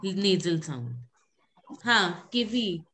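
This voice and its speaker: A woman's voice: lowish voice, sing-song, slow, fairly bright tone. A woman teaching French pronunciation in an online class, patiently repeating words and calling on students by name. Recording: noisy background.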